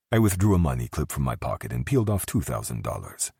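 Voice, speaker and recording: A man narrating a dark romance audiobook in the first person, gruff and menacing in tone. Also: rumbling low, very animated, fast, few pauses, no room sound, clean studio sound.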